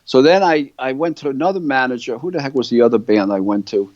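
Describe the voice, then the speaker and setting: A man's voice: medium pitch, fast, darkish tone. An older man sits as an interview guest and tells a long story. He rambles and keeps checking in with his listener. His mid-range voice comes through a muffled, dry, lo-fi recording with no room echo. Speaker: guitar company founder, interview guest. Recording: dull, dry lo-fi sound.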